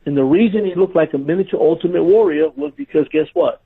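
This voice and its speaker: A man's voice: sits high, fast talker, creaky, slightly rough. A man, a former pro wrestler, telling backstage stories in a casual interview, laughing as he goes. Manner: animated storyteller, laughing through his stories. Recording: tinny phone-line audio.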